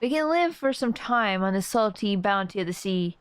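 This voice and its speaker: A woman voicing a pompous rich male merchant stranded on an island, reading slowly and theatrically in a put-on accent. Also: medium pitch, animated, clear, resonant tone, natural voice. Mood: solemn.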